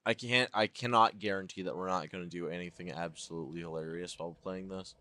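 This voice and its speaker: A man's voice: deep voice, fairly even intonation, fast, sharp tone, a little hiss or hum. A man giving casual, joking and profane commentary as he plays a horror game, talking to his viewers. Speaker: let's play host.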